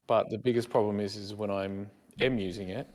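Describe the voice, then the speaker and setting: A man's voice: on the low side, fairly even intonation, a little fast, darkish tone. A middle-aged man co-hosting a podcast, rambling and joking with many stumbling restarts. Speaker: podcast co-host. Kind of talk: casual chat.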